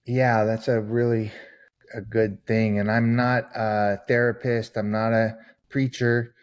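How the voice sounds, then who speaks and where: A guest author on a podcast gives long, earnest interview answers in a conversational way, acting out the people who appear in his stories. His voice is on the low side, slow, with little pitch movement.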